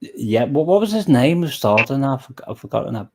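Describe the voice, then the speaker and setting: A man's voice: medium pitch, big pitch swings, fast talker, crowd noise. A man chatting casually about old films, rambling and often searching for names.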